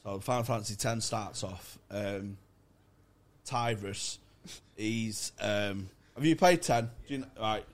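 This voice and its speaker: A man's voice: on the low side, takes it slowly. A man, co-hosting a comedy podcast and telling a rambling, sweary story in casual chat. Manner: sweary, rambling storyteller, slips into mock voices. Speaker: podcast co-host.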